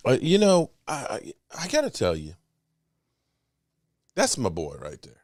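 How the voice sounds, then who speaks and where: A middle-aged man hosts a loose, rambling sports talk show and greets viewers by name. His pitch swings around a lot as he talks. The sound is dry and close, with no room echo. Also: wildly swooping pitch, measured pace. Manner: rambling, chatty, with shout-outs to viewers. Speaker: podcast host. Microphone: desk microphone.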